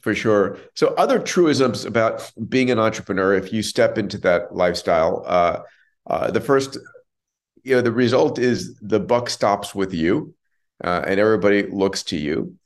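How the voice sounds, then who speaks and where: A male podcast host with a very low voice. He explains ideas earnestly, in a conversational way, and affirms his guest often. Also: lively intonation, normal speed.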